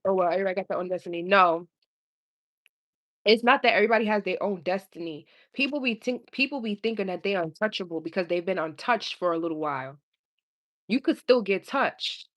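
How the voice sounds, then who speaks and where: A woman's voice: mid-range voice, brisk, fairly bright tone. Laughing young woman reading tarot live. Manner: laughs often, talks to chat in slang. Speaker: tarot reader. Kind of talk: casual live-stream chat and tarot reading.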